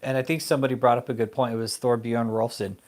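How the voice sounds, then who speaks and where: A man's voice: medium pitch, steady tone, quick pace, darkish tone. A man hosting an online commentary show, ranting angrily and profanely at a preacher, mocking him with insults. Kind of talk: casual profane rant.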